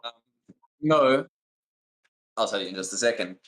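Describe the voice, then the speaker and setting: Low-voiced man running a tabletop game. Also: unhurried. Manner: relaxed, calls for rolls and narrates the scene. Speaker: game master.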